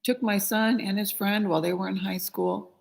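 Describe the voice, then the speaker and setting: A middle-aged woman, a spiritual healer, telling an emotional personal story in a conversational way with frequent fillers, acting out quoted voices with rising pitch and loudness. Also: fairly even intonation, normal speed, vocal fry.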